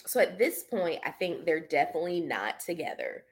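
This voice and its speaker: A young woman co-hosting a podcast, talking through celebrity gossip in a casual, expressive, slangy way. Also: sits low, fairly quick, slight background noise. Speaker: podcast co-host.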